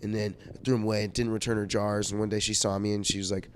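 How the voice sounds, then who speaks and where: A man's voice: fairly low pitch, little pitch movement, fast talker, a little hiss or hum. A young man telling a rambling personal story in a vlog, profane and self-mocking, full of fillers, and sick. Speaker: vlogger.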